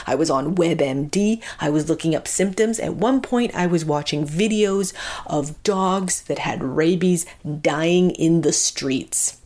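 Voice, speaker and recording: Self-mocking woman telling an anxious story. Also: fairly low pitch. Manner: animated, self-mocking, acts out both sides of the talk. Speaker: podcast host telling a personal story. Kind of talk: comic personal storytelling.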